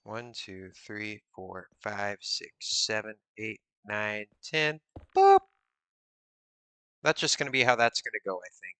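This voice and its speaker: Man, game streamer, very bright voice, dry close mic, mutters counts, playful banter with chat. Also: on the low side, very animated, slow, clean tone, dry recording. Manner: muttering counts, reading chat aloud, playful mock suspicion. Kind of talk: casual live-stream chat while playing.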